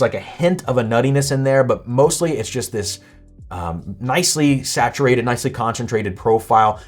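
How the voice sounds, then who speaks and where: A man hosting a casual whiskey tasting video, relaxed and chatty, thinking aloud, his voice slightly worn and going hoarse. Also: medium pitch. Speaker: host.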